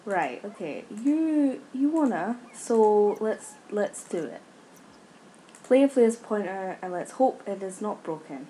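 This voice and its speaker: A woman's voice: mid-range voice, big pitch swings, takes it slowly, dark tone, a little hiss or hum. A young woman commenting on a life-sim game, scolding her characters in exasperation. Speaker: gaming YouTuber. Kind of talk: casual Let's Play commentary.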